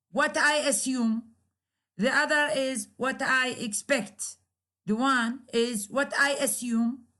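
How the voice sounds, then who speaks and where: A woman's voice: high-pitched, pushed and bright. A woman whose first language is Arabic gives a recorded grammar lecture as a university English lecturer, repeating key phrases with hesitant fillers.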